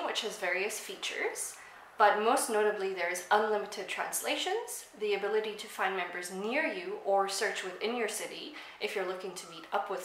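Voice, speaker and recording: A young woman from South Africa, Afrikaans her first language, talks casually to camera about languages and fills her speech with ums and likes. Her voice is bright and clear. The room is echoey, with a faint hum of ambience behind her. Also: mid-range voice. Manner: chatty, with frequent ums and likes. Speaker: language vlogger. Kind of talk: casual explanatory talk to camera.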